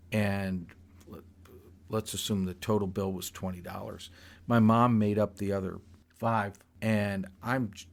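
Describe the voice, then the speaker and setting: An older man telling a personal story in a rambling, halting way, with frequent restarts. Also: on the low side.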